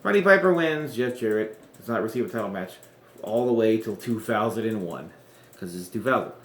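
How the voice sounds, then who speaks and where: A man's voice: on the low side, expressive, a little fast. A man chatting casually about rebooking wrestling storylines, rambling and correcting himself with chuckling asides. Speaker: wrestling podcaster. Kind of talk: casual fantasy-booking chat. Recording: roomy echo.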